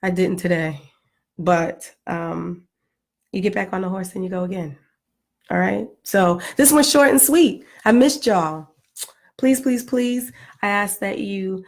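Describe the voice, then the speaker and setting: A middle-aged woman talking to her viewers in a casual, heartfelt vlog, earnest and pleading, with playful asides. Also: lowish voice. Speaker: vlogger.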